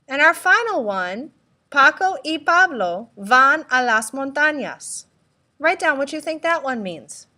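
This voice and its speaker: Woman language teacher, fairly high and bright tone, deliberate tutorial delivery with repeat-after-me prompts. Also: sing-song. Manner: slow, deliberate, spells out letters and prompts repetition. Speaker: Spanish teacher. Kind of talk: recorded classroom tutorial.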